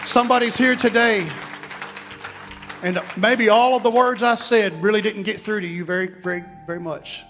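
A man's voice: high voice, steady tone, normal speed, fairly bright tone, a faint crowd. A pastor preaching a sermon, fervent and folksy, repeating his phrases. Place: church sanctuary. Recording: reverberant hall with music behind.

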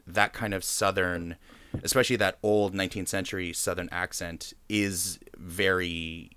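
A man hosting a casual discussion, talking thoughtfully and haltingly, with many pauses and fillers. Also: low voice, sharp tone, clean tone, no echo.

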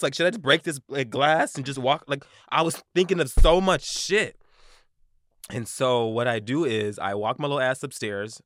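A young man co-hosting a podcast, telling an animated, profane story in casual chat. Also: medium pitch, moderate pace, slight background noise. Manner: animated, profane, replays his own quotes. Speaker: podcast co-host.

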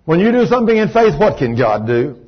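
A male preacher tells a story in a sermon, his pitch swinging widely as he throws questions at the congregation. His voice is husky and breathy. The recording sounds dull and lo-fi. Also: big pitch swings, a little fast.

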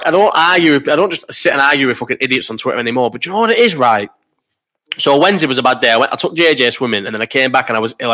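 A man in his thirties hosts a live stream, chatting loosely and swearing as he works through viewers' comments. His voice is bright and forceful. He is ill with a cough, and the delivery wanders from one tangent to the next. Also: medium pitch. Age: 30s. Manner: sweary, rambling banter. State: sick with a cough. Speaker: live chat host. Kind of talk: casual live-stream chat reading comments. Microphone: desk microphone.

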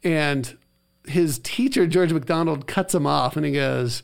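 A man co-hosting a faith podcast, casually retelling a story and acting out the quoted lines with lively emphasis. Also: on the high side, a little slow, vocal fry. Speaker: podcast co-host. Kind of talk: casual chat.

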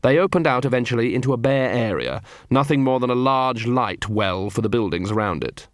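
A man's voice: mid-range voice, expressive, a little fast, no room sound, studio quality. Man reading a comic novel aloud. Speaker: audiobook narrator. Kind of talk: scripted narration.

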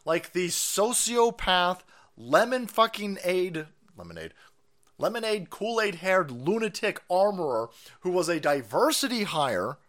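Male stream host: profane political rant, sarcastic and loud, fairly high, very lively pitch. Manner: loud, crude, sarcastic, laughing.

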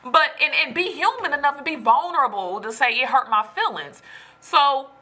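A woman telling a personal story in casual chat, animated and emphatic, preaching to her listeners. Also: high voice, normal speed. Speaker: storyteller venting to viewers.

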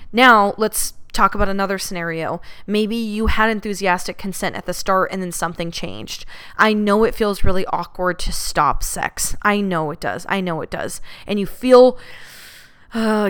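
A woman's voice: mid-range voice, a bit bright, smooth. A woman hosting a talk show who gives frank, casual advice in a candid, chatty way, swearing freely and using lots of "like" and "you know.". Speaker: podcast host.

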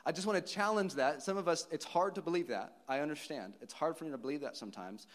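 A man in his thirties preaching a sermon in a church, animated, laughing often and dropping to soft near-whisper lows. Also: quick pace. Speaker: pastor.

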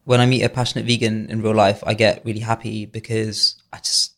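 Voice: medium pitch, level tone, brisk. A non-binary pop singer talking earnestly as a podcast guest, full of "like" fillers and confident declarations. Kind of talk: casual interview chat.

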